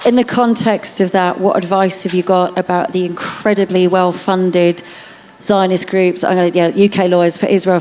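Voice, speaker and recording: A woman interviewer at a festival tent talk. She asks long, earnest questions in a mid-pitched voice. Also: darkish tone.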